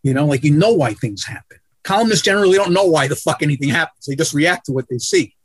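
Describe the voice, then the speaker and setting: A sportswriter appears as a guest on a video-call interview, telling casual stories that are blunt, profane, and self-deprecating. His fairly high voice is expressive and quick, with a slightly rough quality.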